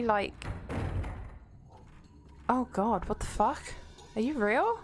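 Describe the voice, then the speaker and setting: A woman's voice: a little high, very animated, a little slow, pauses often. A young woman streaming a video game, chatting casually, swearing freely and reading out her chat.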